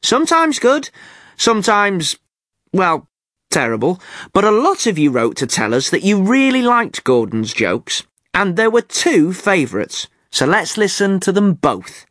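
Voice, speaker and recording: A man hosting an English-learning podcast, speaking clearly in an amused, teacherly way. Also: high-pitched, big pitch swings, measured pace, fairly bright tone, no echo, studio quality. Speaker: podcast host.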